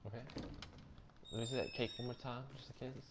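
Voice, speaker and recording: A young man doing casual let's-play commentary on a horror game, loud, joking and slangy. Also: medium pitch, fairly even intonation, brisk, noisy background. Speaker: gameplay streamer.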